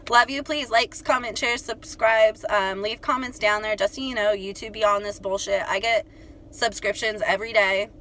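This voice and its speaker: A woman's voice: mid-range voice, normal speed, slight background noise. Chatty young woman vlogging to viewers. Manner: chatty, animated, full of "like" and "you guys". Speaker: astrology channel host. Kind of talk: casual storytelling to viewers.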